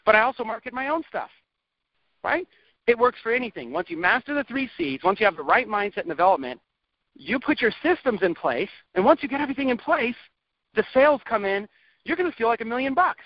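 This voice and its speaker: Guy coaching online marketing, kinda high voice, chatty and restless, dry muffled recording. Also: fairly quick, no room sound. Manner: energetic, rambling, laughs often, many restarts. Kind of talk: recorded training lesson.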